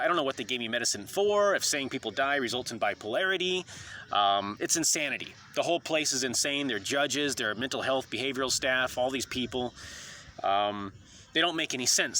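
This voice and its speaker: A man's voice: mid-range voice, lively intonation, fairly quick, bright, forceful tone, a little hiss or hum. A man delivering an indignant, rambling monologue to camera about constitutional rights, full of ums and uhs. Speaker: video commentator.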